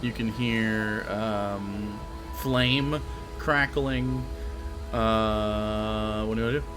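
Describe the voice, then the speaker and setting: A man running a tabletop game as game master, describing scenes slowly with many fillers. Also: fairly low pitch, steady tone, music in the background.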